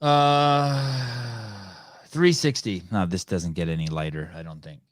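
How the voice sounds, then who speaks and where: A man with a lowish voice hosts a podcast, rambling and stopping to restart his sentences. The sound is dry and close, with no room around it. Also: no echo. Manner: rambling, halting, many restarts. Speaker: podcast host. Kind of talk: live call-in podcast chat.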